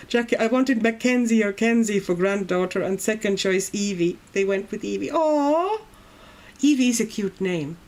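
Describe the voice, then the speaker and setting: Her medium-pitched voice is a little mellow as she colors during a livestream from her Brazilian home. Chatting informally, she reads out comments left by her viewers.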